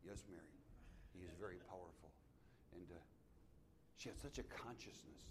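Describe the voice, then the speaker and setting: A middle-aged male pastor preaching a sermon in church, telling a story with many restarts and building to loud, emphatic climaxes. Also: deep voice, brisk, pauses often, noisy background. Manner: storytelling, repeats and restarts phrases, rises to loud emphatic peaks.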